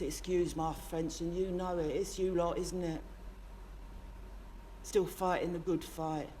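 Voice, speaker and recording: A woman's voice: fairly low pitch, darkish tone, slight background noise, close to an everyday voice. A woman playing a brash, sweary working-class London man in a comic monologue, rambling and impassioned, with a London accent. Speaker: character monologist. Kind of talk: comic character monologue to camera.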